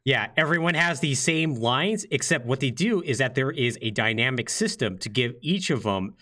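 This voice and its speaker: A man's voice: mid-range voice, normal speed. A young man co-hosting a casual podcast, talking loosely with fillers and short laughs. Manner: lively, rambling with fillers and laughs. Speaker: podcast co-host. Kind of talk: casual chat.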